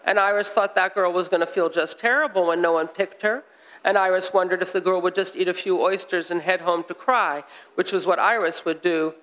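An American author, a man, reading a passage aloud with measured, wry storytelling, then chatting onstage. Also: sits high, steady tone, fairly bright tone. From United States. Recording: long hall reverb.

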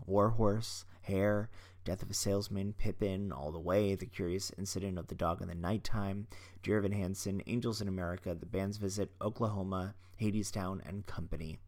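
Low-voiced chatty male podcast host. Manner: chatty, warm-hearted, rambling with restarts. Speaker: photographer. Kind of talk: casual podcast talk.

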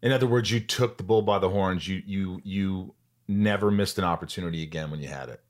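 A man hosting an interview podcast, chatting casually and reacting eagerly to his guest. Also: low voice. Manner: enthusiastic, jumps in with reactions and quick questions. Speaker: podcast host.

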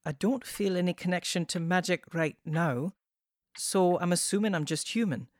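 A woman voicing a calm, measured witch. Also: fairly low pitch, dry recording, studio quality, natural voice. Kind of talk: audio drama acting.

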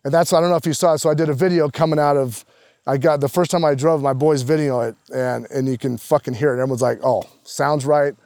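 A man, a professional golfer, guesting on a casual podcast, telling animated, profanity-laced stories. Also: a little high, fast, no room sound, clean studio sound.

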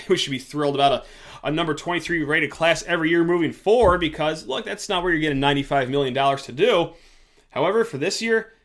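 A man's voice: a little high, a bit bright. A man hosting a sports podcast, talking casually and joking, sometimes with sarcasm. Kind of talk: casual sports talk commentary.

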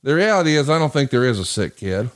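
A man hosting a casual podcast conversation, telling a long story in a profane, animated way. He slips into the voices of the people he quotes, then drops back into his easygoing mid-range delivery. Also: medium pitch, quick pace. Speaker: podcast host.

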